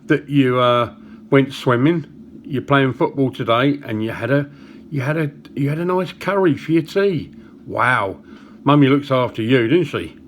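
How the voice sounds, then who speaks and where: A man, chatting to camera and telling a joke, with small pauses and chuckles along the way. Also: medium pitch, a little hiss or hum. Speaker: vlogger.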